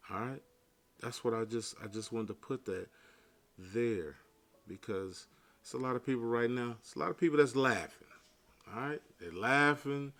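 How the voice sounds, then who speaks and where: A man giving an informal sermon to his viewers, mixing casual slang with scripture readings and swinging from quiet murmurs to loud bursts. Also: medium pitch, normal speed. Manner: casual street talk mixed with scripture reading. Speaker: online preacher.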